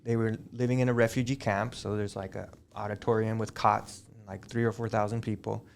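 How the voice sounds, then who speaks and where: A middle-aged man with a gravelly, creaky voice talks as a guest on a school podcast. He is a chatty teacher who wanders from one story to the next. Faint background noise sits under his voice. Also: fairly low pitch, little pitch movement, a little fast. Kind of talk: casual interview chat.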